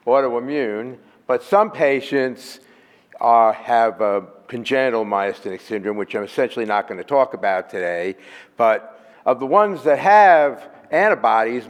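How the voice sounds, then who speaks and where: A man's voice: medium pitch, clean tone. A man giving a methodical, explanatory lecture at a medical conference, walking through his slides step by step. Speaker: physician presenting at a medical conference. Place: hotel conference room. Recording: reverberant conference hall.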